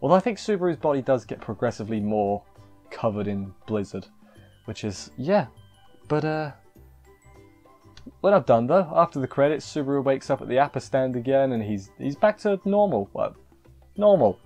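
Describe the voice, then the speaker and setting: A man's voice: medium pitch, very animated, normal speed, darkish tone, soft background music. A man recapping an anime episode in a casual, rambling way, often restarting sentences and slipping in jokey asides. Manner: rambling, self-interrupting, joking asides. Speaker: anime reviewer.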